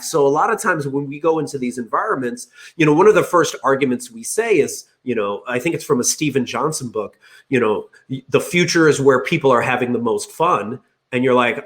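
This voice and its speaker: A man as a guest on a video call, answering in an energetic, conversational way with lots of "you know" and "like". He acts out other people's voices as he tells stories. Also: mid-range voice. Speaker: guest speaker on play at work.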